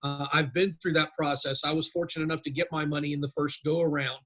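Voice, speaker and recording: A man, telling stories as a guest in a casual interview, lively and chatty. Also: on the high side, fast talker, breathy edge. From North Carolina, US. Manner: lively storyteller, animated and chatty. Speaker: guest, real estate instructor.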